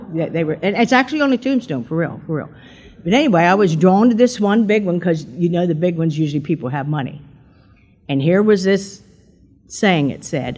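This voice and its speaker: A woman's voice: low-pitched, darkish tone, breathy edge. Older church woman, talkative testimony giver, plays out the quotes. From Pennsylvania. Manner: chatty storyteller, acts out quotes in a raised voice. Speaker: church member giving testimony. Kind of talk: personal testimony to a congregation.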